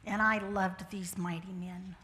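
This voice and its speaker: A woman's voice: mid-range voice, flat delivery, unhurried, sharp tone. Older woman giving a folksy church testimony. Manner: folksy and humorous, with Southern turns of phrase. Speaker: church speaker sharing testimony. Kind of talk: personal testimony to a congregation. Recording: church hall with long reverb.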